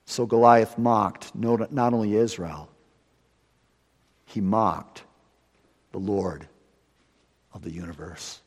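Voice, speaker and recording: A man preaching a sermon in dramatic style, slowing down for weight and rising to loud peaks. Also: lowish voice, fairly even intonation. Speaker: pastor. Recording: long hall reverb.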